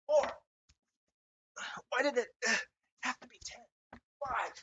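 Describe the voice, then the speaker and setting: A man livestreaming casually from his desk at home, laughing often, swearing and talking excitably to his chat. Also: extremely high pitch, slow pace, long pauses, breathy edge. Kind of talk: casual live-stream chat. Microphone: desk mic, wearing wired headphones.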